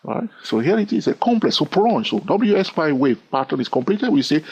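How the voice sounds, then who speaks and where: A man with a non-native English accent walks through trading charts in a chatty, teasing way, his pitch swinging up and down as he talks. His voice is a little husky. The recording sounds dull and lo-fi. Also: big pitch swings, brisk, darkish tone. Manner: chatty, teasing, checks in with "all right?". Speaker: trading educator. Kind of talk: screen-recorded chart lesson.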